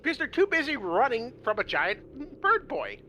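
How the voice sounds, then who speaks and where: Brief: excitable man, high bright voice, swearing storyteller, faint room hiss. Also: moderate pace. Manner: animated, profane, acts out quotes. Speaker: lore presenter on a miniature painting show. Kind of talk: casual lore storytelling with friends.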